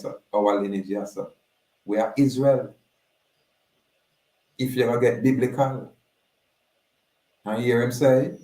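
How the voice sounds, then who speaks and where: A Jamaican man talks through his commentary in a low, even voice that barely rises or falls. He keeps a steady, low-key patois delivery and checks in with his listeners as he goes. The room around him rings with echo. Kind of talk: casual spoken commentary.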